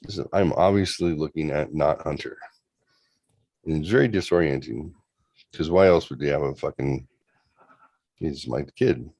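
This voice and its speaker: A man's voice: very deep voice, moderate pace, vocal fry, long pauses, a little mellow, dry recording. A man in his forties casually telling a long story on a livestream, loose and profane, with lots of rambling asides. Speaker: show host.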